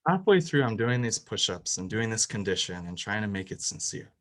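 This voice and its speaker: Speaking briskly and animatedly in a lowish voice, a young man tells his faith story with deep feeling and frequent restarts. His delivery climbs in pitch and volume at the climax, though the audio quality is poor.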